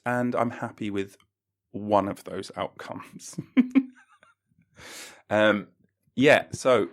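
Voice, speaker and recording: A man hosting a comedy podcast, ranting in a mock-pompous way and breaking into silly voices. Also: medium pitch. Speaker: podcast host.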